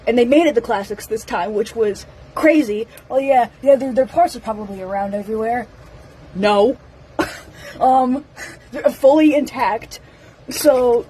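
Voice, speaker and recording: A young woman with a fairly high voice rambles through her first impressions, excitable and full of fillers and little giggles. She talks casually, straight to camera, as a fan vlogger. A faint hiss of noise sits under her voice. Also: low-quality recording.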